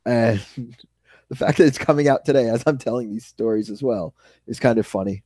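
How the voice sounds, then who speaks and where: A man with a New York accent co-hosting a podcast, telling animated stories with some swearing. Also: mid-range voice, brisk, no echo, clean studio sound. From New York suburbs. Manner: animated storyteller, ranting and swearing. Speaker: podcast co-host. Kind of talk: casual chat.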